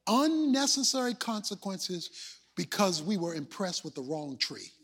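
A man preaching a sermon, telling a story and building to shouts. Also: high voice, big pitch swings, unhurried, slightly rough. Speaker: pastor.

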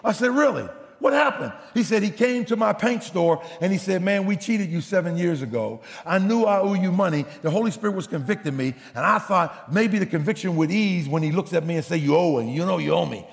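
A male pastor telling a story in a sermon, acting out the voices in the dialogue with big swings in pitch. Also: expressive, fairly quick, creaky, hardly any pauses, in a large hall.

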